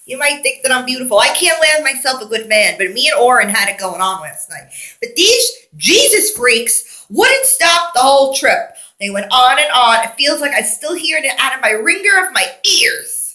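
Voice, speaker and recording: A woman vlogger who rambles candidly from one thing to the next, a little wheezy. Her voice sits fairly high and moves a lot. It sounds bright. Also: lively intonation, brisk, few pauses. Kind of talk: rambling vlog monologue.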